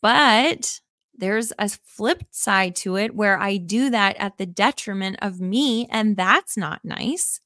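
Woman podcast host, casual reflective chat, earnest and eager, lots of fillers, mid pitch, dry close sound. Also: slow, bright, forceful tone, no room sound. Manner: earnest, rambling, many "like" and "um" fillers; enthusiastic, emphatic.

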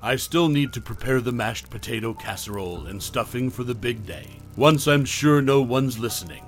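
A man narrating a first-person horror story in a steady storytelling manner. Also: medium pitch, moderate pace, faint music behind.

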